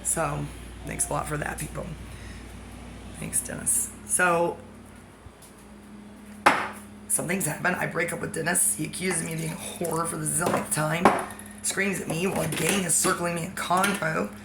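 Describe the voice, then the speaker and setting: A woman's voice: low-pitched, fairly even intonation, moderate pace, gravelly, heavy background noise. A woman ranting in a rambling personal vlog, agitated and swearing, jumping from one topic to the next. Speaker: vlogger. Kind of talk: rambling personal rant to the camera.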